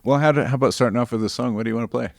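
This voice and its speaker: A man's voice: medium pitch, rapid-fire, gravelly, dry recording. A man hosting a radio interview in an easygoing, casual way. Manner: easygoing, laughs along with the guest. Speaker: radio host. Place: radio studio.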